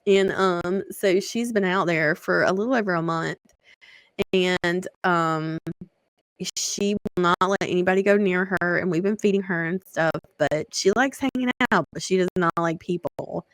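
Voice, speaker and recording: A woman's voice: fairly low pitch, moderate pace, no echo. Chatty thirtysomething woman, swears a lot, laughs a lot, dry close sound. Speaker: podcast co-host. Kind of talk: casual chat.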